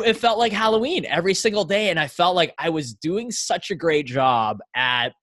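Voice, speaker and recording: A man's voice: a little high, a bit bright, dry recording. A man hosting a podcast, asking long empathetic questions. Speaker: podcast host. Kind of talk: interview questions.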